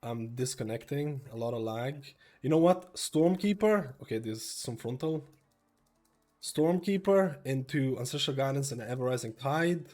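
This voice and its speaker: A young man with a slightly stuffy nose, giving casual gameplay commentary that jumps from steady explaining to excited bursts. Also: medium pitch, moderate pace, faint music behind. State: slightly stuffy, a little sick. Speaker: gameplay streamer.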